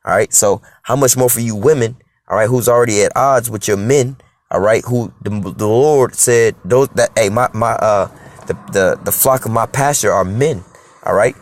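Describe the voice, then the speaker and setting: A man's voice: fairly low pitch, normal speed, dry recording. A man preaching informally on scripture in an emphatic, profane street style, checking in with "all right?" and "you know?".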